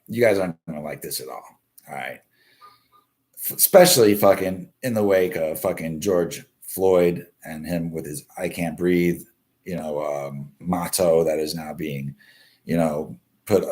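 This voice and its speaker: A man's voice: very deep voice, a little mellow. A man hosting a casual live stream, commenting on the news in a blunt, constantly swearing rant. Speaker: live show host.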